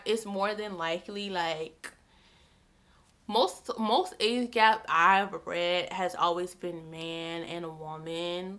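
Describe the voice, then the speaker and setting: Young female book vlogger, bright voice, loose chatty delivery. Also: medium pitch. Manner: chatty, repeats herself, many "like" fillers. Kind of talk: casual chat.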